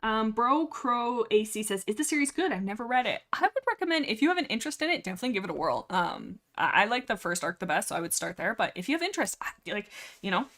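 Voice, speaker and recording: A woman's voice: mid-range voice, sing-song, quick pace, hardly any pauses, a bit bright. A young woman livestreaming a casual, rambling book discussion, sarcastic and chatty. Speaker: streamer.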